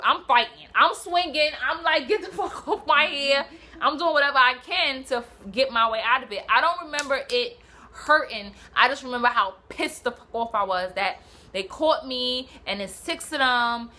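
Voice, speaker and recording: Bright-voiced New woman telling a story. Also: fairly high pitch. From Brooklyn, New York. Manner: animated, swearing, slangy, acts out quotes. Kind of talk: casual storytelling.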